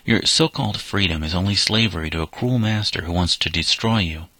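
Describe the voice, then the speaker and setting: A calm, stern young farmhand, firm and earnest as he reasons with a boy, as a man reads him in a storybook. The voice is very deep, with a bright, forceful tone, and the recording is close and dry. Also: a little fast, no echo.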